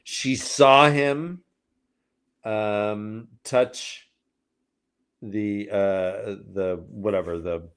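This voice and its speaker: A man's voice: fairly low pitch, steady tone, extremely slow, long pauses, clean tone. A man summarizes a book chapter for his co-hosts in a casual, meandering way. He trails off, restarts and fills gaps as he goes. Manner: rambling recap with filler words and trailing off. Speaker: podcast co-host summarizing chapters.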